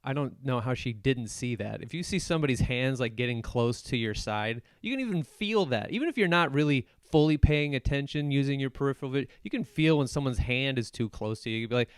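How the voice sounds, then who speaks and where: A man's voice: mid-range voice, animated, clean tone, no echo, clean studio sound. Joking man recapping a movie. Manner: joking, acts out movie characters in quick voices; laughs often while retelling. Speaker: podcast host. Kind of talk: solo casual movie recap.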